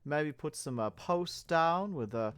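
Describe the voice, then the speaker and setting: A man's voice: a little high, animated, measured pace, fairly bright tone, clear, resonant tone. A man narrating a building game in character as a pompous, self-admiring town mayor, talking in a theatrical way. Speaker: game video host in a mayor persona.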